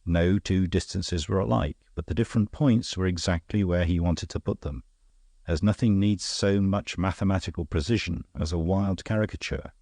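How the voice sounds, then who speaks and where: A man voicing a cool, worldly gentleman detective who speaks in a calm, dry, knowing way. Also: sits low, moderate pace, vocal fry, dry recording. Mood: wry.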